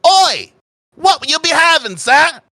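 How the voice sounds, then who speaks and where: A man voicing a loud, multi-armed robot bartender with a bad Cockney accent. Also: very high-pitched, very animated, measured pace, dry recording, studio quality, voice pushed up, exaggerated voice. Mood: boisterous. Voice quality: loud, brash.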